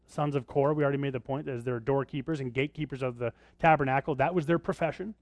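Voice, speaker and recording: A man preaching a sermon in a conversational style. He often checks in with "right?" and moves between emphatic lifts and quiet, reflective drops. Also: medium pitch, quick pace, no echo. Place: church.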